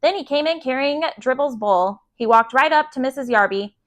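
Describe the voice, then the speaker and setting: A woman storyteller reading a children's chapter book aloud at bedtime, steady and gentle. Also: sits high, moderate pace.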